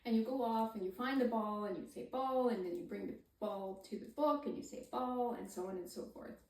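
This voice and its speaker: A woman coaching parents on reading to babies, switching into excited sing-song baby talk with gasps to show how it is done. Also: a little fast. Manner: gasps and swoops up high when modeling talk to the baby. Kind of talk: instructional talk with animated baby-talk demonstrations. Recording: echoey room, somewhat far from the mic.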